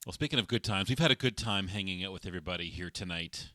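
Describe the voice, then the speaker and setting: Man, very low voice, relaxed co-host, reads comments. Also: fast, no room sound, studio quality. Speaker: livestream music show co-host. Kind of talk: casual chat reading viewer comments.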